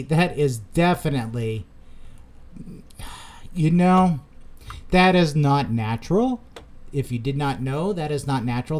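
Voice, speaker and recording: A man's voice: on the high side, darkish tone. A man giving casual, rambling commentary on a crypto chart as he draws lines, correcting himself and talking straight to his viewers, with pumped-up bursts when he greets them. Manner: rambling, self-correcting, chatty asides to viewers.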